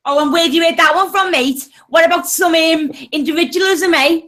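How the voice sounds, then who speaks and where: A woman's voice: very high-pitched, fairly quick, a bit bright. A woman arguing heatedly in an online voice chat, combative and swearing constantly. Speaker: voice chat room participant.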